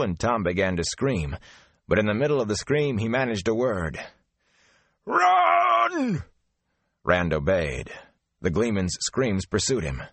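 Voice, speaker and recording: A man narrating a fantasy audiobook in a steady, measured storytelling manner. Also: on the low side, no room sound.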